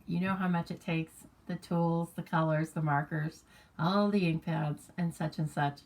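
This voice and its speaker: A woman's voice: on the low side, fairly even intonation, normal speed, darkish tone. An American woman hosting a craft live stream, chatting casually, greeting viewers by name and reading their comments aloud. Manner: chatty and rambling, reads viewer comments aloud, laughs easily. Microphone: camera mic on a live stream.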